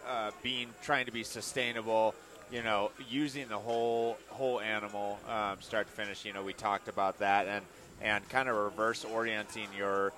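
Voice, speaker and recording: A man's voice: fairly low pitch, flat delivery, moderate pace, sharp tone. A man who is an executive chef, answering thoughtfully in a rambling way. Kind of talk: casual interview.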